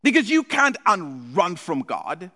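A male pastor preaching a sermon, moving between hushed, low passages and loud, impassioned ones. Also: wildly swooping pitch, a little slow, in a large hall.

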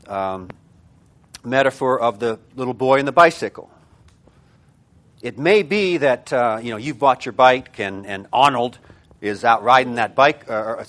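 Guy giving a seminar lecture, mid pitch, lots of um and uh, restarts, hits key words hard. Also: a bit bright. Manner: discursive, thinks aloud with many fillers and restarts. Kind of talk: lecture to a class of teachers.

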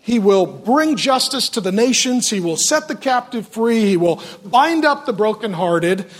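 A man preaching a sermon in a lively, joking way, often asking the audience questions. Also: high voice, measured pace. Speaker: pastor.

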